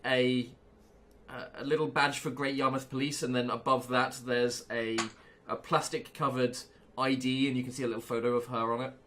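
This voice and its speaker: A man running a tabletop roleplaying game, narrating in a relaxed, halting way full of fillers. His voice sits at a middling pitch. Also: slight background noise. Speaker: game master.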